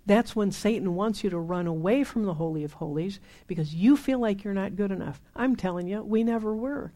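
A woman's voice: mid-range voice, brisk, mellow. A woman in her seventies preaching a sermon in a conversational, emphatic way, repeating phrases for stress.

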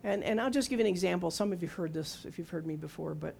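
Speaking fast in a low, creaky, slightly mellow voice, a woman in her sixties preaches conversationally, testimony-fashion, with a touch of background noise. Questions go out to the audience, and she acts out quoted lines from herself and God.

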